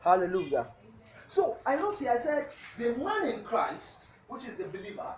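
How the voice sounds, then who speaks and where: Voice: mid-range voice, very animated, measured pace, a little hiss or hum. Preacher full of hallelujahs, echoey and distant. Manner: punctuates with frequent hallelujahs; asks the congregation questions. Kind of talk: sermon with Bible reading.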